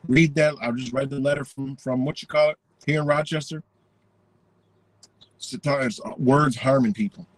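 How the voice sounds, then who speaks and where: A man's voice: medium pitch, fairly even intonation, moderate pace, no room sound, poor audio. A man ranting indignantly in a profane, rambling monologue.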